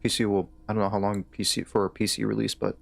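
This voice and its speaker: A man's voice: on the low side, level tone, fast. A man with a Southern US accent chatting casually while streaming a game, rambling and hesitant with frequent restarts. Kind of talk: casual gaming stream chat.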